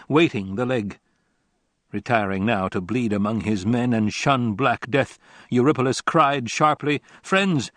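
A man giving a measured, dramatic reading as narrator of an epic poem. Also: medium pitch, fairly bright tone, no room sound.

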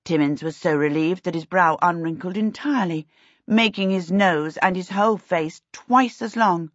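A woman narrating a children's fantasy story with a steady, expressive reading. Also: on the low side, normal speed, dry recording. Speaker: audiobook narrator. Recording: dull lo-fi recording.

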